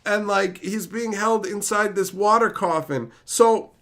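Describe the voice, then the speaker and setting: A man's voice: high-pitched, a little slow, a bit bright. A man streaming a casual, profane rant, sounding exasperated and incredulous.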